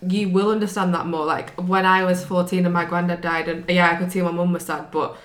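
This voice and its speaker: Earnest young woman, lowish voice. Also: level tone, a little fast. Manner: earnest, frequent agreeing fillers. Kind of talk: casual chat. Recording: echoey room.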